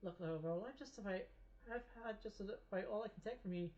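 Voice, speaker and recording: A woman's voice: medium pitch, brisk, darkish tone, lo-fi sound, lightly acted. Woman voicing a scornful grocer lady. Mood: scolding. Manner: scolding, dismissive. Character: sharp-tongued middle-aged woman grocer, scornful.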